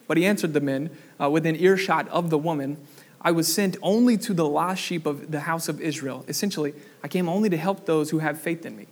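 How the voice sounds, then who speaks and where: Young male pastor preaching, lively and engaging, pitched a bit high. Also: a little fast. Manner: animated, asks the congregation questions. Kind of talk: sermon.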